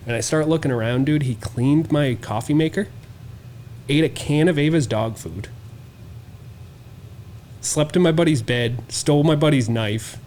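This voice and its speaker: A man's voice: on the high side, normal speed, long pauses, a little mellow, a little hiss or hum. A man co-hosting a podcast, telling a wild story in casual, profane chat and acting out the quotes. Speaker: podcast co-host.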